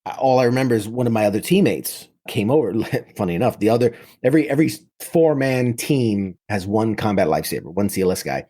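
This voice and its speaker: A man's voice: on the low side, expressive, quick pace, few pauses, warm tone. A man in his thirties from New York City, a military veteran telling his story in casual talk, full of vivid detail and frequent restarts.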